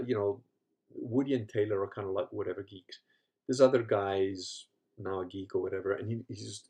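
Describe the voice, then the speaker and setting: Man, low voice, casual rambling chat, swears, laughs a lot, tired. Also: a little mellow. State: tired, leg cramps. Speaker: podcast host.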